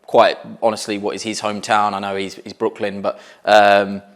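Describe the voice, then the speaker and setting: Man, sports interviewer, rather low voice, long multi-part questions. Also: completely flat delivery, normal speed.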